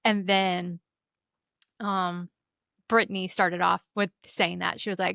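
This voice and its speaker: A woman's voice: on the low side, little pitch movement, slow, creaky, pauses often, bright, forceful tone, no echo, studio quality. A young woman co-hosting a podcast, chatting casually in a bubbly way with lots of "like" and "um". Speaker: podcast co-host. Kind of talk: casual chat.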